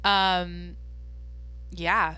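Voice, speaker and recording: A young woman hosting her own podcast, chatting casually in a rambling, jokey way with lots of fillers and a deadpan streak. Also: on the low side, drawn-out words, clear, resonant tone. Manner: self-described deadpan. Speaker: podcast host. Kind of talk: casual solo podcast chat.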